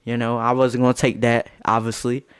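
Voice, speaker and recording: A young man streaming live from his phone, telling a crude, excitable story and acting out what others said. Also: medium pitch, fairly quick. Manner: crude, excitable, acts out quotes.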